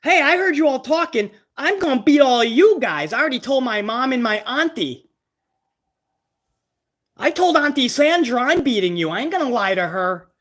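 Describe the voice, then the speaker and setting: A cocky young wrestler, as a man mocks him, bragging in a whiny singsong. The voice sits very high and bright. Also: sing-song, normal speed, exaggerated voice.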